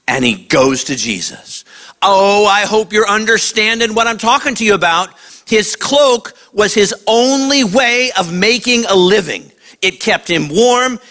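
A man preaching a lively sermon to kids, acting out voices and shouting at the high points. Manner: animated, acts out voices. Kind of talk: sermon to a young audience.

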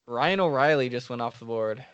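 A man co-hosting a casual fantasy sports podcast, reacting quickly in an easygoing way with short laughs. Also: medium pitch, fairly bright tone, clear, resonant tone, no echo, muffled recording. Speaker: podcast co-host. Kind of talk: casual fantasy draft chat.

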